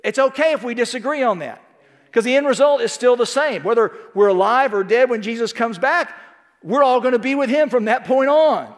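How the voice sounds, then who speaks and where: A middle-aged man preaching with an emphatic, folksy delivery, tossing out rhetorical questions to the congregation. His voice sits high for a man. A long hall reverb trails each phrase. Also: lively intonation, a little fast. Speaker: pastor. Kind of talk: sermon.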